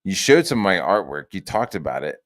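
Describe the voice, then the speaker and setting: A man streaming casual commentary, rambling and profane, swinging between loud rants and low mutters. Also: very animated, brisk.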